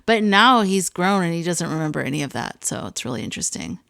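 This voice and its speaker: Woman podcast host, lowish voice, dry close sound, chatty with fillers. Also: big pitch swings, fast talker, vocal fry, fairly bright tone, no room sound. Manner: conversational, lots of fillers and asides. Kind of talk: casual monologue, reading listener stories.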